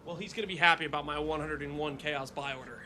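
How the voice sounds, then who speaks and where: A man streaming a game, chatting casually with his viewers in a joking, animated way. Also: a little high, fast talker, slight background noise. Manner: joking, animated, talks to chat. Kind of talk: casual gameplay commentary.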